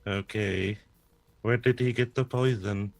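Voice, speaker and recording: A man voicing an earnest android crewman in a tabletop role-play, measured, soft-spoken and literal. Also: on the low side, fairly even intonation, gravelly, dry recording. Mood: calm.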